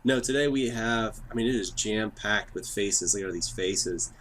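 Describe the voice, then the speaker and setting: Hyped-up podcast host, low voice. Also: male voice, a bit bright, a little hiss or hum. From Texas. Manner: hyped, fast-talking, joking. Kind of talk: casual chat.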